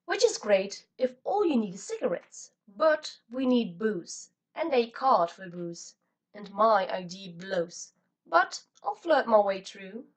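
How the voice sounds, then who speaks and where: A woman's voice: mid-range voice, big pitch swings, slow pace, distant mic. A woman voicing an emotional, reckless teenage girl who teases and breaks down sobbing, in an audiobook. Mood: teasing. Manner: teasing, then sobbing and shouting.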